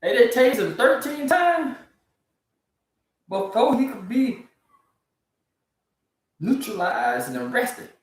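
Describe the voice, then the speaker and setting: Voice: mid-range voice, very animated, slow pace, long pauses. A speaker, ranting disbelievingly about odd news stories in a casual comedic commentary. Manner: incredulous, ranting, laughs often. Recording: very echoey, from far off the mic.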